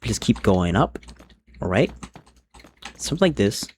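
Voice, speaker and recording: A young man with a fairly low voice, talking through a live game stream in a casual, rambling way. He thinks aloud as he builds. Keyboard typing can be heard in the background. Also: sing-song, unhurried, a little mellow, a little hiss or hum. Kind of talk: casual live-stream chat while gaming.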